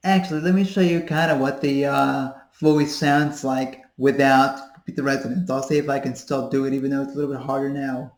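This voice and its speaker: A woman's voice: rumbling low, fairly even intonation, brisk, hardly any pauses, darkish tone. A woman in her thirties giving a casual voice-training tutorial, rambling with fillers as she demonstrates sounds. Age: 30s. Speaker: voice coach. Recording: echoey room.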